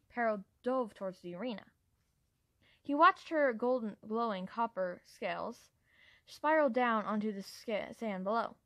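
A woman's voice: fairly high pitch, expressive, a little slow, a bit bright, dry recording. A woman reads a fantasy novel aloud as a fan narrator, plainly and with the odd stumble. The recording is dry and close, with no room sound. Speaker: fan reader.

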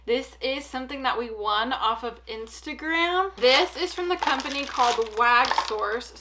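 Young woman, pet vlogger, casual unboxing chat, bright tone, slightly high voice. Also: slight background noise. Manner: chatty and upbeat, with frequent "like" and "um". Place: home, indoors.

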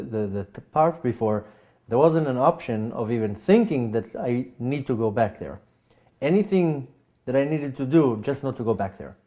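Mellow-voiced man telling his story haltingly. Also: mid-range voice. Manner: halting, repeats words and restarts; animated when acting out scenes. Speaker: speaker giving a personal testimony. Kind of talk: spoken personal storytelling.

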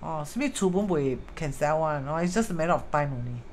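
Speaking fast with lively intonation, this woman's deep, slightly mellow voice carries a little hiss or hum. She teaches feng shui on a casual live stream in Singaporean English, dropping in Hokkien and Mandarin and greeting viewers mid-explanation.

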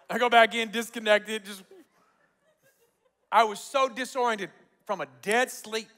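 A man's voice: very high-pitched, a little slow, pauses often. A man preaching a sermon as pastor, telling stories with acted-out quotes and frequent laughter. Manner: animated storytelling, acts out quotes, laughs often. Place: large church auditorium.

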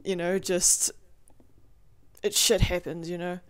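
A woman's voice: fairly low pitch, level tone, takes it slowly, smooth, no room sound. A young woman in a casual video diary, rambling and swearing freely with lots of "like" and "you know", recorded at home. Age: young adult. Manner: rambling, profane, filler-heavy with lots of "like". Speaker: vlogger.

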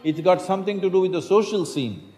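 A man's voice: sits high, expressive, brisk, dark tone. Emphatic man in his sixties. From India. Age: 60s. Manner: emphatic, with rhetorical questions and dry humor. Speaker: spiritual teacher. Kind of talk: public talk to an audience. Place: large lecture hall. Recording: reverberant hall.

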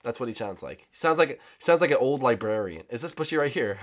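A young man hosting a gaming channel, giving excitable, teasing commentary with sudden shouts. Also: mid-range voice, fast. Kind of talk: casual game commentary.

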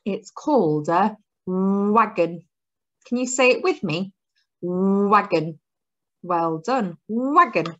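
A woman's voice: medium pitch, animated, slow pace, dull audio. A woman teaching a phonics lesson to young children, drawing out her words in a sing-song, encouraging way. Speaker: early years teacher.

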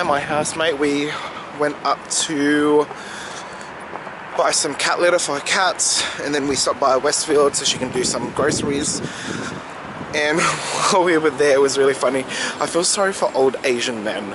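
A young man, chatting in a casual vlog in an excitable, gushing way. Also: on the high side, moderate pace. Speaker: vlogger. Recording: noisy background.

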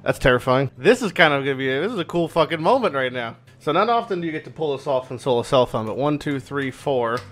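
A man streaming a video game who comments excitedly and swears at rare loot. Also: mid-range voice, fast talker, few pauses, soft background music. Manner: excitable, swears often, shouts in surprise. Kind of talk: gameplay commentary.

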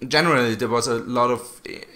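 A man's voice: mid-range voice, steady tone, brisk, pushed and bright. A man from Austria with an Austrian German accent, hosting a casual podcast chat, talking loosely with frequent laughs and restarts. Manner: chatty, laughs often, many restarts. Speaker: podcast host.

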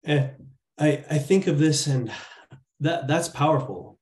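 A man's voice: mid-range voice, a little slow, darkish tone, roomy sound. A man giving an earnest, casual training talk, telling stories with frequent restarts. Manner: earnest, storytelling, many restarts. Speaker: church training presenter.

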